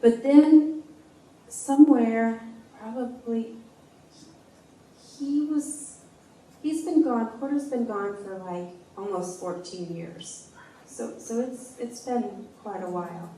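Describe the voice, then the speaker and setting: A woman in her forties gives a personal testimony in an unhurried, heartfelt way, often stopping to restart a thought. Her voice is mellow and warm. She is picked up from some distance in an echoey church room, with faint room noise behind her. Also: a little high. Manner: halting, heartfelt, with frequent restarts. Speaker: speaker sharing a personal testimony.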